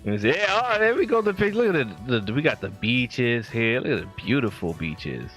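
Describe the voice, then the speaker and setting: A man's voice: medium pitch, very animated, normal speed, fairly bright tone, soft background music. A man hosting a casual late-night livestream, talking in a laid-back, slangy way and laughing often. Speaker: livestream host.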